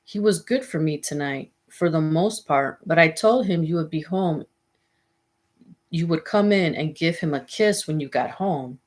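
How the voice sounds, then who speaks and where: A woman reading as a scared young girl, husky voice. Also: deep voice, unhurried. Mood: anxious. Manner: plain, anxious questioning. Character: scared ten-year-old girl.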